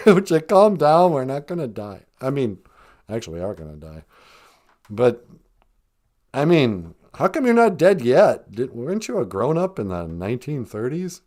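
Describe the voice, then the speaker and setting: A man hosting a comedy podcast, joking darkly in a deadpan, drawling way. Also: mid-range voice, moderate pace. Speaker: podcast host.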